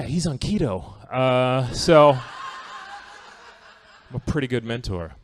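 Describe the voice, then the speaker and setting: A man's voice: medium pitch, expressive, slow, slight background noise. A man doing a stand-up comedy set on a theatre stage. He talks in a loose, wry, conversational way and often checks in with the crowd. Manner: conversational, wry, asks the audience "right?".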